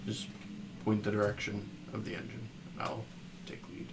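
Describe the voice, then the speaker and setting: A man's voice: fairly low pitch, completely flat delivery, normal speed, vocal fry. A man playing a tabletop game, terse and matter-of-fact. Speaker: player. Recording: noisy background.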